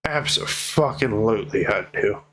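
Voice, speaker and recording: Deep-voiced man in a tearful vlog. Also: animated, a bit bright, poor audio. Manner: heartfelt, swears freely, slow pleading emphasis. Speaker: vlogger. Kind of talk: emotional personal vlog.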